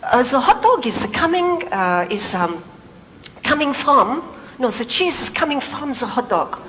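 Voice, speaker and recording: A woman voicing a hesitant male French engineer who struggles with broken English and fills pauses with "uh". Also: sits high, very animated, a bit bright, slight background noise, exaggerated voice. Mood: groping. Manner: halting, broken English with many "uh".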